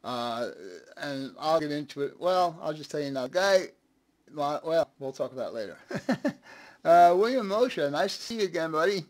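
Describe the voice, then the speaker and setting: A man hosting a relaxed live stream, with a voice that sits somewhat high for a man. He chats loosely, laughs often and greets viewers by name one after another. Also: normal speed. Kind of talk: casual live stream chat.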